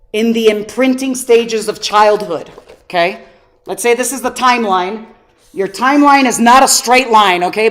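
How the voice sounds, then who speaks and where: A woman coaching an online workshop, teaching through animated stories and questions to her audience. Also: mid-range voice. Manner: animated storytelling, rhetorical questions. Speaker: personal development coach.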